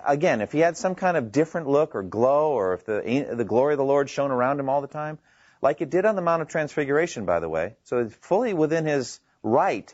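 A man preaching a sermon in a conversational, animated way, acting out scripture quotes with his voice rising high. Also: no room sound, dull audio.

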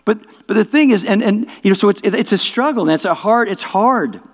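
A male pastor with a high, expressive voice speaks briskly in an informal, conversational sermon. He often restarts words and asks the audience whether it makes sense, all carried by the long reverb of a large hall.

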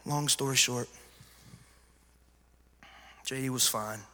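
A middle-aged pastor preaching from the pulpit, his voice very bright and forceful. He tells his story with emphasis and drops to near-hush before rising again. The sound carries the long reverb of a big church hall. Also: medium pitch, steady tone, slow. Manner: emphatic storyteller, swinging from hushed asides to loud cries. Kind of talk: sermon testimony. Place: large church sanctuary.

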